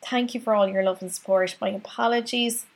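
Irish woman host, husky and gravelly, rambling and bubbly, self-mocking. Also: medium pitch, steady tone, a little fast. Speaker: podcast host. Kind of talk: chatty podcast intro.

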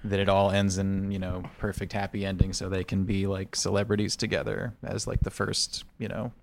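Sardonic low-voiced man. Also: completely flat delivery, vocal fry, slight background noise. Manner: sardonic, quick asides. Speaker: podcast co-host. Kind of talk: casual recap chat.

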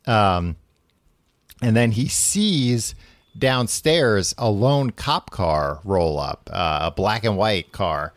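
Low-voiced man rambling through a recap. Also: animated, slow, no room sound. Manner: rambling, laughs often, many fillers. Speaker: podcast host. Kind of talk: casual book recap chat.

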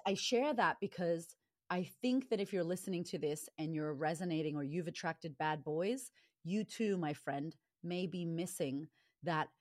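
A woman's voice: lowish voice, a little mellow, no echo, clean studio sound. A woman speaking as an interview guest and confidence coach, blunt and passionate, swearing freely. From Latina upbringing. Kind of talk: candid interview talk.

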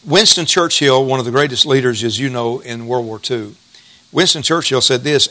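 A man's voice: medium pitch, moderate pace, sharp tone. A middle-aged male pastor preaching a sermon in a folksy, emphatic way, repeating key phrases.

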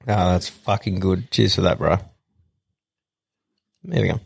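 Crude laughing Australian podcast bloke. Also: male voice, low-pitched, measured pace, vocal fry, husky. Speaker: podcast co-host. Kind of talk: casual banter.

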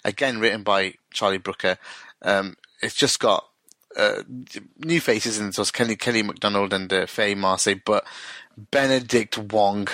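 A man co-hosting a casual podcast, talking fast and swearing, his voice jumping up high when he finds something funny. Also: no room sound. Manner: animated, swears freely, voice jumps up when amused. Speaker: podcast co-host. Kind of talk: casual chat reviewing TV episodes.

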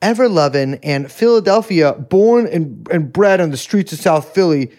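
A man's voice: a little high, lively intonation, normal speed, a little mellow. A man hosting a podcast, chatting casually in a jokey, teasing way. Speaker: podcast host. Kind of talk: casual chat.

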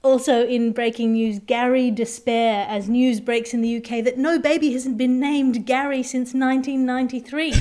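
A woman hosting a topical comedy podcast, delivering quick, wry, deadpan jokes. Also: fairly high pitch. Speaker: host.

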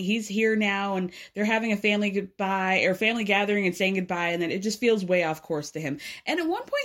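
A woman recapping a reality show in casual chat, sarcastic and swearing freely. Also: medium pitch. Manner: sarcastic, swears freely, laughs between lines. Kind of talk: casual recap, snarky commentary.

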